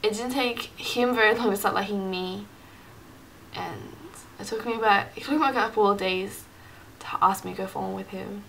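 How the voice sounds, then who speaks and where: A woman telling a personal story on her vlog in a loose, rambling way, slipping into little acted voices for the people she quotes. Her voice has a gravelly, creaky edge. A faint background noise runs under the recording. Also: medium pitch, fairly even intonation, normal speed, fairly bright tone, low-quality recording. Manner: rambling, many fillers, acts out quoted dialogue. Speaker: Christian vlogger.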